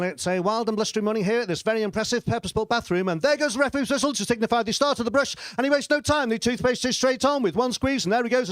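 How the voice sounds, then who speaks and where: A man putting on an excitable sports commentator's voice, with a rising, breathless play-by-play delivery in a stand-up set. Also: very high voice, dry recording, voice pushed up. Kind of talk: stand-up impression.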